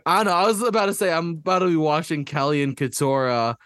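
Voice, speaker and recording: A man hosting a podcast recap, animated and emphatic as he wraps up the show. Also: fairly high pitch, quick pace, dry recording, clean studio sound. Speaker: podcast host. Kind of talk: casual recap chat.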